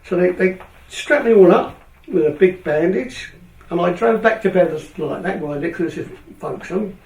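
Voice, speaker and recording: Here a retired English speedway rider, now older, spins a lengthy story at an unhurried pace, his voice pitched high. He brings it to life by performing everyone else's dialogue. The recording is distant and echoes around the room.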